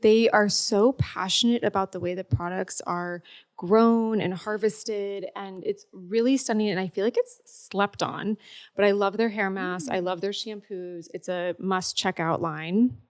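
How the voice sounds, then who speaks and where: A woman, a beauty brand founder, talking brightly and laughing as a guest on a live podcast panel. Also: medium pitch, steady tone, a little slow. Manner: bubbly, laughing, talks up products. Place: busy pop-up shop before a live audience.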